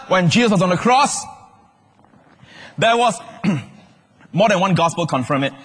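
A man preaching a sermon in a large hall, animated, questioning the congregation and shouting out key words. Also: sits high, normal speed, long pauses, breathy edge. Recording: long hall reverb.

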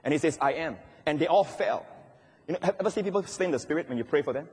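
Guy preaching a sermon, kinda high and husky voice, big echoey church hall, gets loud and dramatic. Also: lively intonation, quick pace. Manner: dramatic storytelling, addressing the congregation, shouting at peaks. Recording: long reverb of a large hall.

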